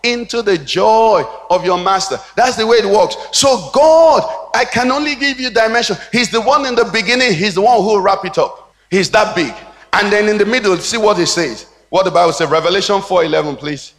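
A man's voice: high-pitched, fairly quick, fairly bright tone. A man with a Nigerian English accent, a pastor preaching a sermon with a rhythmic cadence and call-and-response questions to the congregation. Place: church hall. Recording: long reverb of a church hall.

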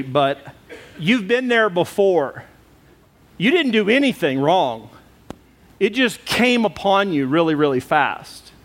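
Middle-aged pastor, slightly high voice, animated sermon storyteller. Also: male voice.

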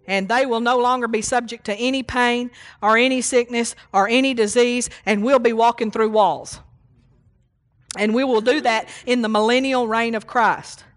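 A woman preaching a sermon, reading scripture and teaching with emphatic repetition and call-outs to the congregation. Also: fairly high pitch.

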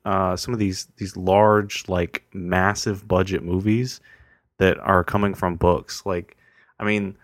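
A man with a fairly low voice hosts a podcast in an easygoing way. He asks questions and builds on them conversationally. The sound is dry and close. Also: flat delivery, slow, no room sound. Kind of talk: casual conversation.

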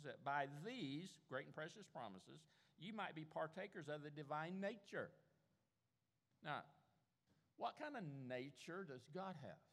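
A man's voice: on the high side, gravelly, fairly bright tone. An older man preaching a sermon as pastor, emphatic and insistent, repeating key words to drive them home. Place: church sanctuary. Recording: echoey church hall.

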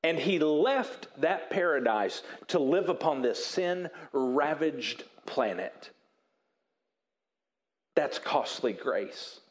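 A man with a fairly high voice delivers a sermon at an unhurried, deliberate pace. He preaches earnestly, leans hard on key words and pauses for effect. When he acts out an apology he goes quiet and soft. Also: lively intonation. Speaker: pastor.

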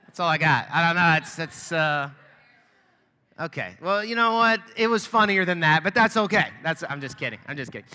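Brief: thirties male pastor, bright forceful tone, friendly joking patter, church hall reverb. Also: a little high, lively intonation, a little fast. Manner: friendly, joking, chatty with fillers. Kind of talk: casual church welcome and announcements. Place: church sanctuary.

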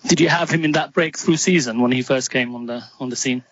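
A man's voice: medium pitch, a little fast, a bit bright, breathy edge, dry recording. A man co-hosting a casual podcast, asking questions in a teasing, playful way. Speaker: podcast co-host. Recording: dull lo-fi sound.

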